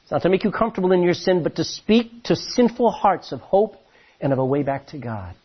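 Man preaching, high and lively voice, husky, dull lo-fi recording. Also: fairly quick. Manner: animated storytelling with many restarts. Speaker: pastor. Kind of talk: sermon.

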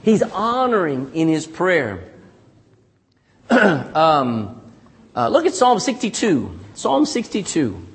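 A man pastor preaching a sermon, animated and calling out for "amen" from the congregation. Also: a little high, slow pace. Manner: animated preaching with frequent call-and-response "amen".

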